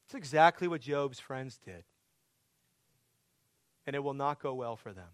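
A man's voice: mid-range voice, lively intonation, unhurried, no room sound. A man preaching a sermon as pastor, earnest, building to pleading, emphatic questions.

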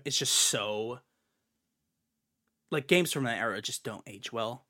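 A man's voice: mid-range voice, bright, forceful tone. A man co-hosting a casual gaming podcast, ranting in an exasperated way and swearing now and then. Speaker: podcast co-host.

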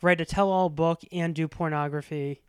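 A woman's voice: low-pitched, steady tone, normal speed, smooth, no room sound, clean studio sound. A woman co-hosting a podcast, telling a gossipy story in casual chat and swearing freely. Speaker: podcast co-host.

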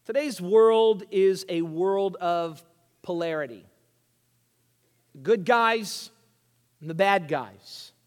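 A man preaching a sermon, swinging from hushed asides to loud, emphatic lines. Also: high voice, slow, pauses often. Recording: reverberant hall.

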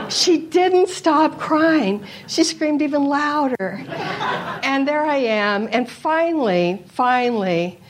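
A woman's voice: fairly high pitch, background noise. Woman telling a heartfelt testimony. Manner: storytelling, animated, repeats phrases for emphasis. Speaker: speaker at a Christian retreat. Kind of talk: personal testimony talk.

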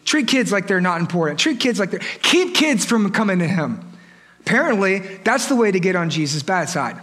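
A male pastor preaches with playful emphasis and keeps repeating his points. His voice sits fairly high with a bright, forceful edge. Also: big pitch swings, a little fast. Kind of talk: sermon.

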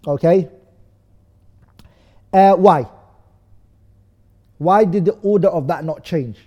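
Speaking slowly in a high voice, a man teaches a study-course lesson that explains texts, posing questions to the class and answering them on his own. Along the way he recites set phrases in another language; the audio is dull, with a large hall's long reverb.

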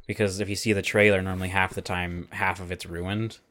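Laid-back low-voiced man chatting. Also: little pitch movement, a little fast, fairly bright tone. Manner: rambling, laid-back, swears casually. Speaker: podcast co-host. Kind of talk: casual chat.

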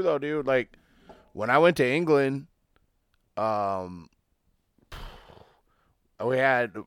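A man's voice: fairly low pitch, fairly bright tone, clean tone, no room sound, clean studio sound. A man co-hosting a podcast in casual chat, telling laid-back stories with plenty of swearing.

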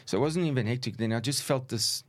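A man's voice: medium pitch, fast. Middle-aged man telling referee stories. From South Africa. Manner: relaxed, anecdotal, chuckles while recounting. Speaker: guest, former football referee. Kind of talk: conversational storytelling.

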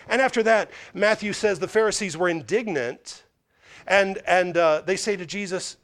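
A man preaching a sermon as a pastor, asking and answering his own questions and acting out the people he quotes. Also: normal speed. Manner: animated, acts out the quoted voices with big pitch swings.

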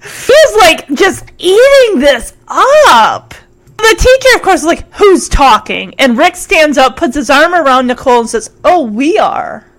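A woman casually recapping a TV episode, giggly and animated, acting out the lines. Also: high voice, a little slow, poor audio. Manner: giggly, animated, acts out quotes. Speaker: recap host.

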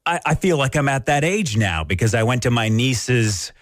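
Man, radio co-host, casual storyteller, animated pitch, dry studio mic. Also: moderate pace, no echo. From Canada. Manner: jokey storyteller who acts out quoted voices. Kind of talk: casual morning radio banter. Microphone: studio microphone.

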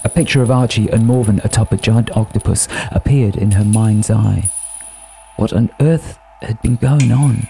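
A man narrating an audiobook in a measured, unhurried storytelling manner. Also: on the low side, vocal fry, warm tone, a little hiss or hum. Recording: narration over music.

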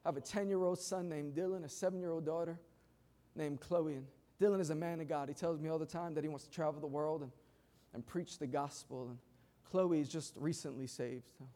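A man's voice: a little high, fairly even intonation, brisk, mellow. A man in his thirties, a pastor preaching a sermon to a church congregation, emphatic and mixing in humorous stories. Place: church service before a congregation.

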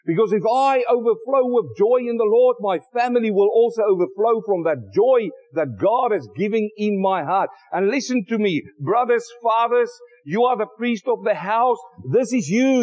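Fervent high-voiced male preacher. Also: lo-fi sound. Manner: fervent, rhetorical questions, swings between loud exclamations and low intimate asides. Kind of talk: sermon. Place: church, at a pulpit.

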